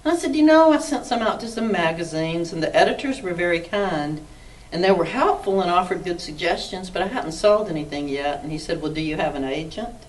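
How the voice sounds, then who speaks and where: Woman telling lively stories. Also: fairly low pitch, brisk. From Mississippi, US South. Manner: lively, acts out dialogue, laughs often. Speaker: author, interview guest. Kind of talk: animated anecdotal storytelling. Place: arts council interview room. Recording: distant mic with faint background noise.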